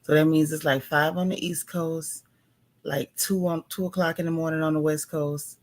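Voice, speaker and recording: Softly half-whispering woman. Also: low-pitched, steady tone, normal speed. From Texas. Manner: half-whispering, chatty, greets viewers by name. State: recovering from a migraine, tired. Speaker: livestream host. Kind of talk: casual early-morning livestream chat.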